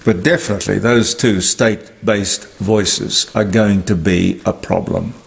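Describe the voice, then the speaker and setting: A man's voice: on the low side, steady tone, unhurried, creaky. An older man, delivering an emphatic, indignant political commentary monologue. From Australia. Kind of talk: opinionated monologue.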